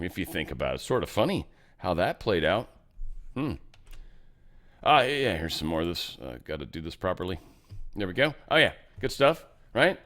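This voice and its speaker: A man's voice: mid-range voice, fairly bright tone. A male podcast host gives casual commentary in a rambling, informal way. He leans on fillers and side remarks, and his voice rises and falls a great deal.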